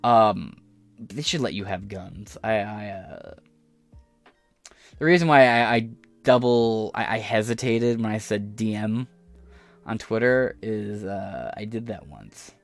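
Low-voiced American man ranting on a podcast. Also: slow, gravelly, no echo, soft background music. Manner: profane, sarcastic, digressive. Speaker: podcast host. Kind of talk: casual rambling rant. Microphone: audio-only podcast mic.

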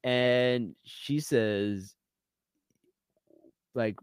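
A man's voice: medium pitch, smooth, dry recording, studio quality. Laughing man retelling a reality show. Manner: animated storytelling, laughs often, quick reenacted quotes. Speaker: podcast co-host. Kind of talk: casual recap chat.

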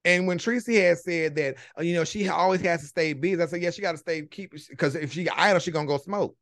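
Lebhafter Mann mit hoher Stimme, Video-Call. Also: male voice, on the high side, fast, no room sound, clean studio sound. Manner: animated, swearing, retells quotes with dramatic flair. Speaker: podcast host. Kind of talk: casual gossip chat over video call.

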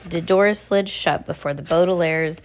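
A woman reads a novel aloud at home pace, stumbling over words and going back to fix them. Her voice sits a little low for a woman. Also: normal speed. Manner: unpolished, frequent restarts and self-corrections. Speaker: reader.

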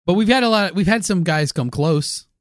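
A man's voice: high-pitched, animated, normal speed, dry recording, clean studio sound. A man improvising a comedy bit, playfully building on his partner's jokes. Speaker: comedy podcast co-host.

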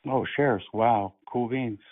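A man on a prank phone call, calm and mocking, playing innocent. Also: medium pitch, measured pace. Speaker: prank caller. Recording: phone line.

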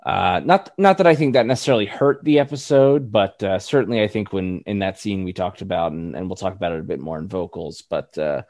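Low-voiced guy cohosting a podcast, chatty, lots of ums and laughs, dry close sound. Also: a little fast, few pauses, a little mellow, dry recording. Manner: chatty, laughs often, many fillers. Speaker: podcast co-host. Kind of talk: casual review chat.

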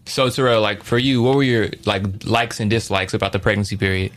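Bright-voiced podcast host asking questions. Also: male voice, on the low side, a little hiss or hum. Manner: asks short questions, quick reactions. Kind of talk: casual interview chat.

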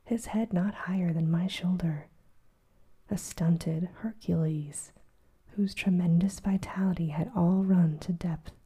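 A woman narrating a classic novel as whispered role-play, soft and measured. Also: fairly low pitch, fairly even intonation, slightly rough.

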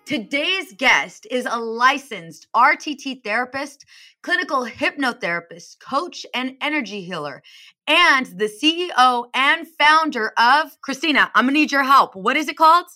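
A woman's voice: high-pitched, lively intonation, pushed and bright. A woman hosting a podcast, chatting in an upbeat, casual way as she introduces and interviews her guest. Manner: upbeat, chatty, fast bursts. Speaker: podcast host.

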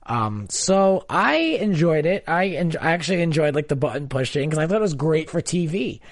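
A man's voice: fairly high pitch, very animated, moderate pace, no room sound, clean studio sound. A man co-hosting a casual talk show about a reality series, chatty and hedging, with lots of filler words. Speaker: co-host of a reality TV recap show. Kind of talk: casual chat.

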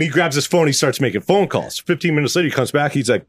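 A man's voice: mid-range voice, fast talker, hardly any pauses, no echo. A man co-hosting a casual podcast, telling stories with lots of swearing and laughter. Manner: animated storyteller, swears, laughs a lot. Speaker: podcast co-host. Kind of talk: casual chat, storytelling.

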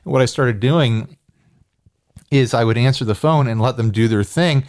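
Man telling animated prank-call stories. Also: mid-range voice, normal speed. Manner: animated storytelling, acts out phone calls. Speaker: podcast co-host. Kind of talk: casual chat.

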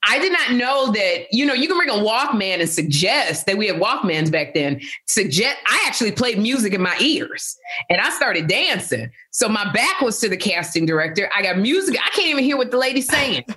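A middle-aged woman, a guest, telling animated stories in a casual interview and laughing often. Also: mid-range voice, fairly quick.

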